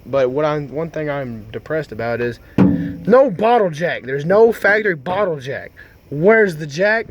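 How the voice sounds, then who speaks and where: A man's voice: medium pitch, a little hiss or hum. A young man showing off his old pickup truck in a rambling, jokey way, full of folksy slang. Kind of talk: casual joking truck review.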